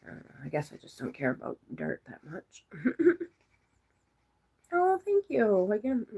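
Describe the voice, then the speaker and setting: A woman's voice: deep voice, very animated, moderate pace, creaky, darkish tone, breathy edge. A giggly, silly woman chatting casually with her viewers, rambling and laughing often. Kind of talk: casual live chat.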